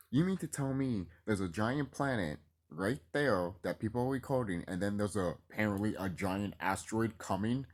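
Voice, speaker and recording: Rambling low-voiced man vlogging. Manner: rambling, excitable, profane. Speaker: YouTuber. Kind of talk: casual vlog monologue.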